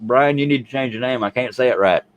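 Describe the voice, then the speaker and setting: A man's voice: medium pitch, fast, dry recording, highs cut off. A man hosting a casual livestream chat, joking and rambling. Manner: joking, rambling, reads chat comments aloud. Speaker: show host.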